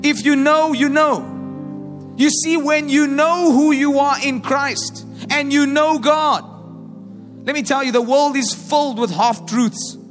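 A male preacher delivering an energetic call-and-response sermon to a congregation at a live-streamed service. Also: very high-pitched, measured pace. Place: large church hall during a live-streamed service. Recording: long hall reverb with faint music behind.

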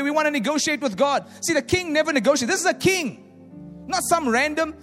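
A man preaching a sermon in a large hall, animated, acting out the voices of doubters and swinging from loud declarations to hushed asides. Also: very high voice, brisk. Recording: echoey hall with faint music.

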